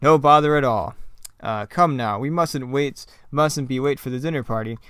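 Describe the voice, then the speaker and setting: A man voicing an older, cheerful and pompous gentleman with refined, old-fashioned phrasing, in a smooth, dry voice. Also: mid-range voice, normal speed, dry recording, lightly acted. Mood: genteel cheerful.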